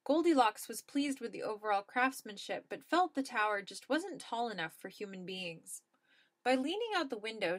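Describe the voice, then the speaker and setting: A woman's voice: on the high side, lively intonation, normal speed, fairly bright tone. A woman reading a comic storybook aloud as narrator, with a dry, matter-of-fact delivery.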